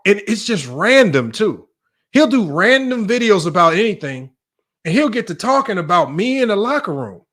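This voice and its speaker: Addressing his viewers directly, this young sports show host runs a debate livestream full of casual riffing and jokes. His voice sits high and has a fairly bright tone.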